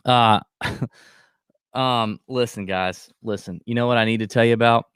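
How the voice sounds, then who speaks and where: Brief: male co-host, casual betting chat, goofy, energetic, smooth clean voice, dry close mic. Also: medium pitch, moderate pace, no room sound. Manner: loud, playful, hams up a mock Aussie cheer. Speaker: podcast co-host.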